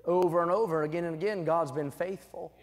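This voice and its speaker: A young adult man preaching a sermon, swinging from quiet asides to loud, emphatic exhortation. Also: a little high, steady tone, a little fast. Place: church sanctuary. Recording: church sanctuary with long reverb.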